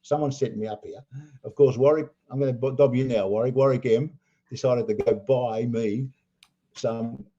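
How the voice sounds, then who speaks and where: An older Australian man, a poker player, telling animated anecdotes full of acted-out quotes. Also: medium pitch, normal speed, highs cut off. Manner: animated storyteller acting out quotes, laughing. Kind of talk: storytelling anecdotes.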